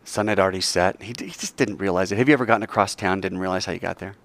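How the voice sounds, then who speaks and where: A man's voice: low-pitched, very fast, gravelly. A man giving a sermon to students, telling a story in a conversational way and asking his listeners questions. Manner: lively, conversational, asks the audience questions. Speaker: speaker at a school chapel.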